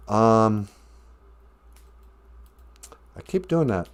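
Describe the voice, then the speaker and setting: A man hosting a comedy podcast, delivering deadpan jokes and mock infomercial lines with bursts of laughter. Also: high-pitched, slow, vocal fry, pauses often. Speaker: podcast host. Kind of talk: joking comedic monologue.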